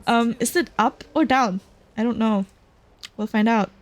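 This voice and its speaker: A woman's voice: a little high, measured pace. A woman streamer chatting casually while she plays a game, giggling a lot between lots of fillers. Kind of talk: casual chat while gaming.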